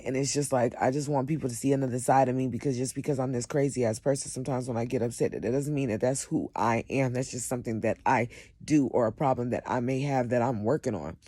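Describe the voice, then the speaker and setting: A woman who sells cosmetics tells a storytime vlog, swearing heavily and swinging from loud outbursts to quiet, shaken admissions. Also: extremely low pitch, dry recording. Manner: emphatic, heavily profane storytelling. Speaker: cosmetics vendor.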